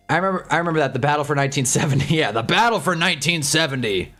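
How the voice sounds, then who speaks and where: Young male streamer, casual rant, swings loud to mumbled, swears a lot, very expressive pitch. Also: rapid-fire, faint music behind. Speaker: sports streamer. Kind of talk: casual livestream chat reading fan comments.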